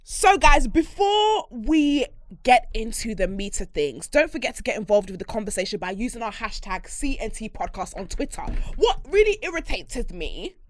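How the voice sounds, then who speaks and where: A woman's voice: fairly high pitch, moderate pace. A woman hosting a podcast who teases her guest and talks to listeners in a casual, laughing way. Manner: teasing and lively, laughing often. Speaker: podcast host.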